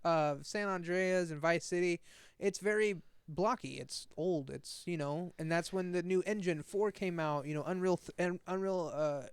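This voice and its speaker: High-voiced swearing gamer guy. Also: moderate pace, clear, resonant tone, no room sound. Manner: swearing, animated, laughs often. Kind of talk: casual chat about video games.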